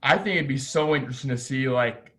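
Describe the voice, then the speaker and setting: A young man co-hosting a casual sports podcast, talking in an excitable, rambling way full of "like"s. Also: medium pitch, a little fast. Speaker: podcast co-host.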